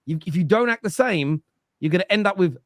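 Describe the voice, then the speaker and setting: Football fan show guy ranting, bit higher voice, dry close sound, keeps repeating himself. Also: animated, a little fast, no room sound. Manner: emphatic, lecturing, repeats words. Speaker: football pundit. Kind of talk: animated football opinion talk.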